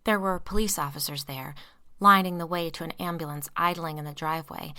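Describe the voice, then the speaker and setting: A woman narrating a story aloud, reading tense dialogue in hushed whispers. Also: sits low. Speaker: audiobook narrator. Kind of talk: scripted narration.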